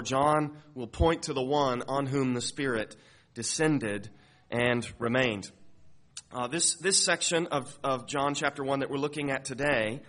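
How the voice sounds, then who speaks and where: A man's voice: fairly high pitch, a bit bright. A middle-aged man preaching an expository sermon, earnest and emphatic, often restarting phrases. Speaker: pastor.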